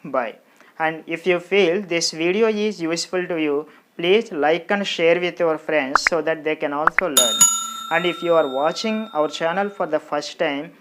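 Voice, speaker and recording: A teacher gives an exam-prep grammar lesson, repeating each word slowly and counting out its syllables. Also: mid-range voice, a bit bright. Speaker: English teacher.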